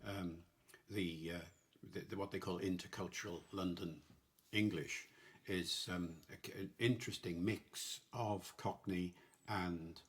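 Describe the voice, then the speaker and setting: An older man talking through ideas about language in a measured, explanatory way with fillers, in a podcast discussion. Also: sits low, fairly even intonation. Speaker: linguist guest.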